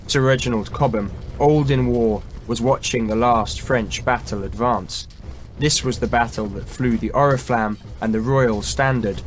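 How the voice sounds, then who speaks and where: A male audiobook narrator reads historical prose in a measured, dramatic way. His voice sits at a middle pitch. He slows for weighty moments. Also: a little hiss or hum. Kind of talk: scripted narration.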